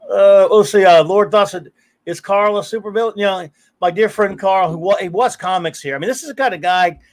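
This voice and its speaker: Middle-aged guy rambling thru stories on his stream, high voice, swears a lot, laughs at himself. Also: fairly quick. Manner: rambling storyteller, curses freely, laughs often. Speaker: podcast host. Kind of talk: casual live-stream chat.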